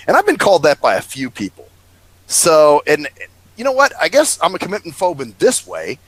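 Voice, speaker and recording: Animated man telling a story. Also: a little high, fairly quick, slightly rough, dry recording, low-quality recording. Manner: animated storyteller, acts out quoted voices; swears freely. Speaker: podcast co-host. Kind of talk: casual storytelling chat.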